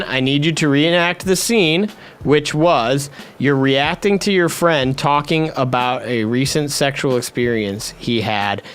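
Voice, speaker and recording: A man hosting a livestream, bossy and profane as he gives orders. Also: mid-range voice. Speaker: livestream host. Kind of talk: livestream chat.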